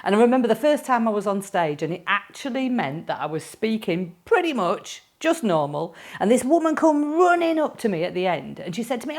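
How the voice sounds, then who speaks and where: A woman's voice: medium pitch, big pitch swings, a little fast, hardly any pauses. A woman with a Yorkshire accent, a speaking coach talking playfully and directly to camera. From Yorkshire, England.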